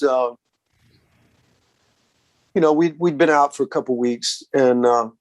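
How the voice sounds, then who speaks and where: A man's voice: mid-range voice, no room sound. Laid-back Southern man telling stories. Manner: relaxed, says "man" a lot, acts out quoted voices. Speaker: guest musician. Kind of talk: casual storytelling interview.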